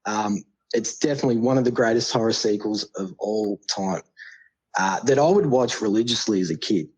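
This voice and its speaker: A man's voice: on the low side, moderate pace, a little mellow, slightly rough, poor audio. A man with an Australian accent, calling in to a podcast and giving a casual, swear-laden review. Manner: laid-back, swears freely, chummy slang. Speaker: caller. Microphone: phone call.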